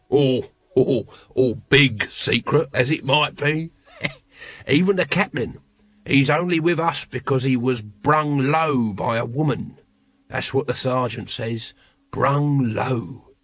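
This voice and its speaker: A man's voice: mid-range voice, takes it slowly, a bit bright, dry recording. A man voicing a lazy, cynical watchman who mumbles and rambles evasively. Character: shifty seasoned male watchman, lazy and cynical.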